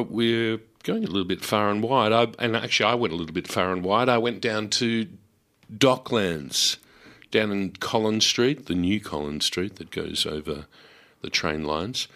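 Bright-voiced Australian radio host. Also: male voice, fairly low pitch. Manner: chatty and enthusiastic, with many fillers. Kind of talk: community radio chat.

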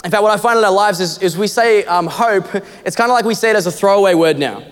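Young man, pastor, earnest conversational sermon, high voice, long hall reverb. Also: fast talker. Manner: earnest, conversational preaching with fillers. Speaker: assistant kids pastor. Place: church auditorium.

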